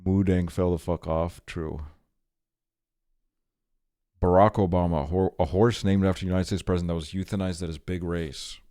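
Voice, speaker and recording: A man's voice: sits low, fairly even intonation, moderate pace, long pauses, mellow, smooth, dry recording, studio quality. A man streaming live, reading short items aloud and reacting to them with blunt, profane, offhand remarks.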